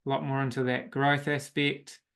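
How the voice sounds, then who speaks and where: A man's voice: medium pitch, level tone, unhurried, vocal fry, fairly bright tone. A man, a coach, telling his personal story as an interview guest in a reflective, emotional way.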